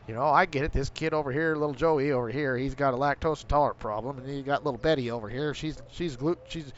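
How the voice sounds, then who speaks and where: A man's voice: mid-range voice, a little fast. A middle-aged man, ranting casually and profanely while hosting a gaming livestream. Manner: profane, ranting, rising to angry outbursts. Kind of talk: casual rant while streaming. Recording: dull lo-fi stream audio with faint vehicle hum.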